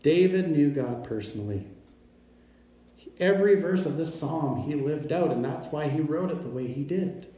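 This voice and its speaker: Guy giving a sermon, slow and emphatic, warm dark voice, lots of room echo. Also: a little high, lively intonation. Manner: slow emphatic delivery, stresses pronouns. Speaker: pastor. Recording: very echoey room.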